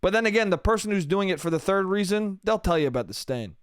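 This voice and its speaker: A man's voice: high-pitched, animated, fast, a bit bright, clean tone, no echo, clean studio sound. A young man hosting a solo podcast, rambling through a comedic monologue, swearing freely and laughing at himself.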